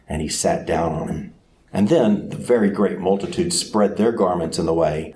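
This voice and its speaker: A man preaching a sermon who tells the story dramatically, sometimes acting out crowd voices with sudden shouts. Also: low voice, slight background noise.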